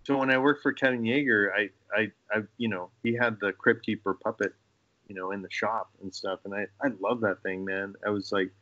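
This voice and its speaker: A man's voice: fairly low pitch, a little fast, dry recording. A man who is a guest on a podcast about special effects makeup, chatting casually and telling stories with quoted dialogue. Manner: animated storyteller acting out quoted dialogue. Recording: dull dry lo-fi sound.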